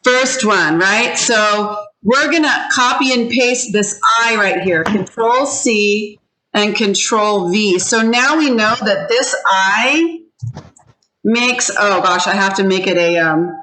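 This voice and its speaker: A woman teaching pronunciation over a video call, stretching each word out so learners can repeat it. Her voice is bright and clear, and she speaks at an unhurried, deliberate pace throughout. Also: mid-range voice, rough recording. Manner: slow, drawn-out modelling of words for learners to repeat. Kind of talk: online pronunciation lesson.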